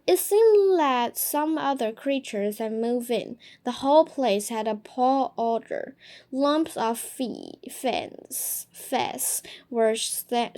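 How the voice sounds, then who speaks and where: Slow, halting woman reading a storybook aloud. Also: on the high side, darkish tone. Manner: halting reading with frequent slips and restarts. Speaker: narrator. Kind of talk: reading a children's novel aloud.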